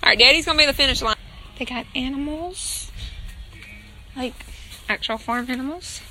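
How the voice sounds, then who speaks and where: A woman's voice: high-pitched, normal speed, bright, forceful tone, soft background music, low-quality recording. A woman in her twenties with a Southern US accent, chatting cheerfully on a family vlog and calling out to her kids. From northern Mississippi, US. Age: 20s. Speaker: family vlogger. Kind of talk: casual vlog narration. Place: outdoor farm and pumpkin patch. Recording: outdoor noise behind the voice.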